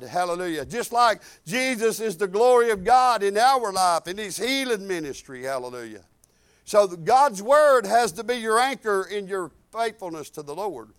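An older pastor preaches in a rambling, fervent way, full of restarts and hallelujahs. His voice sits high for a man. The sound is dry and close, with little room in it. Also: expressive, normal speed, smooth, no room sound. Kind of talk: sermon.

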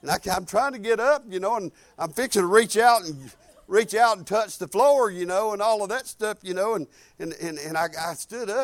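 A man's voice: sits high, fairly quick, dry recording. An older man preaching a sermon as pastor, rambling and fervent, with many restarts and cries of hallelujah.

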